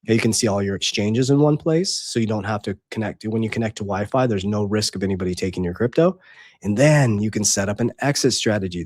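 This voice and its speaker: A finance coach and app co-founder talks viewers through money and investing in a casual monologue, his voice lowish and slightly mellow. He's emphatic, repeats his points, and keeps checking in with "okay?" The recording is dry with clean studio sound.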